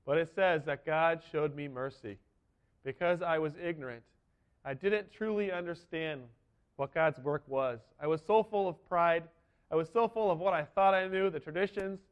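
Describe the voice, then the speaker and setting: A man's voice: sits high, muffled recording. A man giving an earnest, emphatic sermon as a first-person dramatic monologue. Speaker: preacher.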